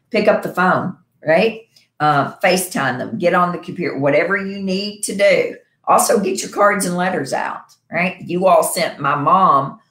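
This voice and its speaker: A middle-aged woman with a deep, fairly bright voice hosts a wellness show from her home as a health provider, coaching viewers in a casual, upbeat way and often checking in with "right?" The room sounds echoey.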